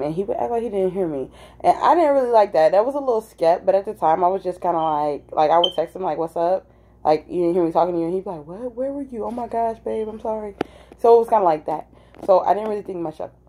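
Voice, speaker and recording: Mellow-voiced woman telling a story. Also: lowish voice. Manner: animated, acts out quoted voices, many "like" fillers. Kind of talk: casual storytelling.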